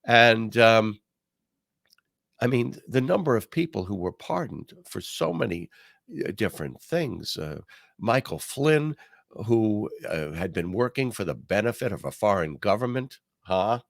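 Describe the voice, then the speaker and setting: A man's voice: lowish voice, sing-song, measured pace, creaky, dry recording, studio quality. An older man hosting a political commentary podcast, talking in a wry, sarcastic way with many fillers. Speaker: podcast host.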